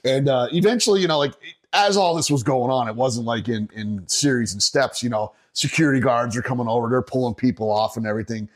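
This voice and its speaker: A middle-aged man from Northeastern Pennsylvania tells an old gig story with loose, swearing energy. His voice sits at an ordinary pitch for a man, and he speaks in casual conversational storytelling with frequent restarts. He sounds like a guest chatting on a podcast. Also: fast. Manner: animated, profane, laughing while telling a story.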